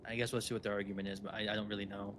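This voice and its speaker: A man's voice: lowish voice, little pitch movement, very fast. A man in a game role-play, talking hesitantly and stumbling over repeated words. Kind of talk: casual role-play chat. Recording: voice chat with noticeable background noise.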